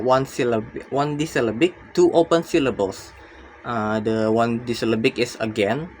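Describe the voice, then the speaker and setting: Young male student, mid-pitched, reads his class presentation with some hesitation, faint noise behind. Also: rough recording. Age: young adult. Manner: careful reading with frequent uh fillers and restarts.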